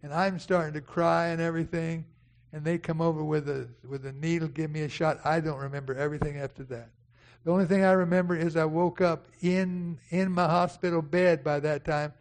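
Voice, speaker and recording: A man's voice: a little high, fairly even intonation, a little fast. An older man, preaching a sermon and telling a folksy personal story, calling out to people in the congregation by name. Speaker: pastor.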